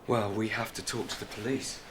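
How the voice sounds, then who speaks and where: A man's voice: on the low side, level tone, a little fast, very noisy, lightly acted. An actor playing a man who insists his frightened friend go to the police, in a reassuring, persistent way. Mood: urging. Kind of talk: TV drama acting.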